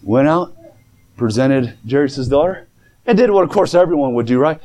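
A man preaching a sermon in a church, telling a story with voices he acts out and shouting at the high points. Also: moderate pace. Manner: animated storytelling, acting out voices.

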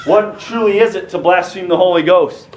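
High-voiced preacher in an echoey church. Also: male voice, normal speed, a little hiss or hum. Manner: swells from plain teaching to shouted fervor. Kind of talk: sermon.

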